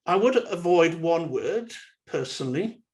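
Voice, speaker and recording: A man's voice: on the high side, animated, unhurried, darkish tone. A man giving an online webinar lecture in a conversational way, with frequent fillers and restarts. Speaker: university lecturer.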